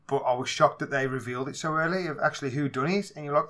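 A man with a Black Country accent, co-hosting a casual movie podcast, talking in a lively way, swearing freely and acting out scenes in raised voices. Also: on the high side, fast talker. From England. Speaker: podcast co-host. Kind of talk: casual movie review chat.

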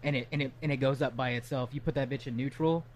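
A man's voice: medium pitch, steady tone, fast. A young man in casual chat, telling a story in a laid-back, slangy way.

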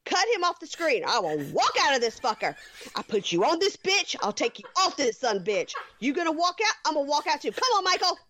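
A woman's voice: high-pitched, sing-song, brisk, noisy background, voice pushed up. A woman imitating a brash, furious woman hurling profane taunts. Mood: furious taunting. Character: brash, trash-talking furious woman ranting.

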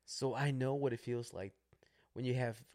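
Gravelly man telling a story on a podcast. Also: mid-range voice, moderate pace. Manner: animated storyteller, acts out quoted voices, swears freely. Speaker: podcast co-host.

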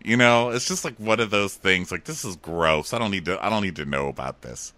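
Lively bright-voiced man recapping with laughs. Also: fairly quick, no room sound. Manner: acts out quotes in high mocking voices, laughs often. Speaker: podcast co-host. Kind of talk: casual recap chat.

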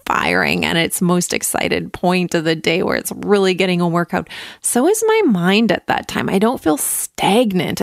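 A woman's voice: on the low side, vocal fry, no room sound, clean studio sound. A woman in her thirties hosting her own podcast from home, chatting upbeat and acting out her own thoughts as she talks. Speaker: podcast host. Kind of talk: casual solo podcast talk.

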